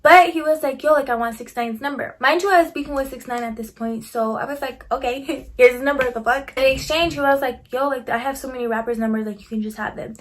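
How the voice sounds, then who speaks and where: A young woman recounts a story in loose, chatty talk, leaning on "like" constantly and throwing in curses. Her voice sits a little high for a woman. She slips into quoting herself and others as she goes. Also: steady tone, quick pace, hardly any pauses, a little hiss or hum. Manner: chatty, heavy use of "like", swearing, quoting herself. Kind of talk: casual storytelling.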